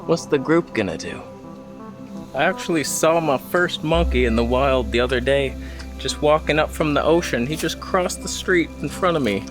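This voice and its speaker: Man, travel vlogger, outdoors, handheld camera, jokey self-talk, background music. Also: mid-range voice. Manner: jokey, talks to himself and the animals. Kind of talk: casual vlog narration. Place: outdoors on a hillside.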